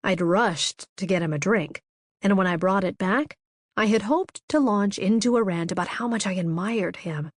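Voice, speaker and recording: A woman narrating a romance audiobook in the first person, with a measured, intimate delivery. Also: mid-range voice, dry recording, clean studio sound.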